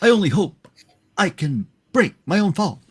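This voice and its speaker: A man reading aloud as a weary armored male superhero, slow and drawn out, with a husky voice. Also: sits high, sing-song, full character voice. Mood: strained.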